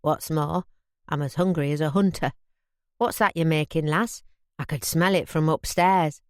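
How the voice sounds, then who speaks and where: Woman doing a gruff Yorkshire father in his fifties. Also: low-pitched, steady tone, moderate pace, dry recording, studio quality, pitched below the performer's own voice, natural voice. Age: 50s. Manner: gruff, blunt, grumbling. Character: gruff proud Yorkshire father, aged fifty.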